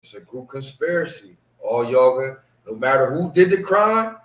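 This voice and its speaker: A man's voice: medium pitch, very animated, normal speed, crowd noise. A man in a casual podcast discussion who explains things by repeating key phrases. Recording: roomy echo.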